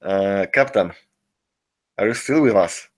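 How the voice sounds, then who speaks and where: A man co-hosting a casual voice call, speaking in a measured, reasoning way with hesitant fillers. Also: lowish voice.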